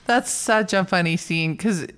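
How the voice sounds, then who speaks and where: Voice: medium pitch, measured pace, a bit bright, clear, resonant tone. A podcast co-host in a casual film discussion, retelling scenes with a laugh and acting out quoted lines.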